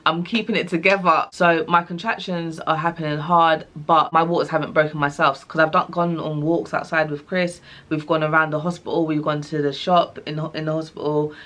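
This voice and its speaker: A woman's voice: sits low, a little fast, few pauses. A young woman, casually telling a personal story to her viewers and acting out the people in it. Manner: animated, acts out quoted dialogue. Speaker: vlogger.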